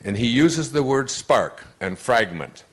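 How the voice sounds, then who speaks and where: A man's voice: medium pitch, animated, measured pace, breathy edge. An older man giving a motivational talk as an author and speaker, telling long rambling stories with frequent restarts. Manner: anecdotal, rambling storyteller with many restarts. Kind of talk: motivational talk to a live audience.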